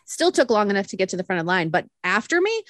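Young woman, podcast co-host, animated storytelling, frequent laughter, dry mic. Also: mid-range voice, fast talker, no room sound. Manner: animated, laughs often, acts out quotes. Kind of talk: casual storytelling chat.

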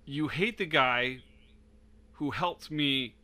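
A man's voice: medium pitch, takes it slowly, sharp tone. A man in casual political chat, speaking earnestly and emphatically, sometimes mocking the people he quotes.

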